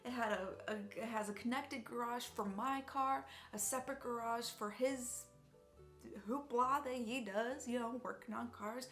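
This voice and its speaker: A woman's voice: on the high side, steady tone, normal speed, a bit bright, faint music behind. A young woman telling a personal story in a chatty, rambling way, sincere and emotional at times. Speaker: vlogger.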